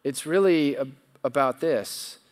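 A middle-aged man preaching a sermon. He moves from loud, emphatic declarations to quiet, confiding stories. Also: mid-range voice, unhurried. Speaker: pastor.

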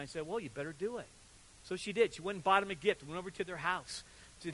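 An older man preaching a sermon, telling animated stories and acting out quotes with sudden loud and soft turns. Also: high voice, fast, rough recording. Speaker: pastor.

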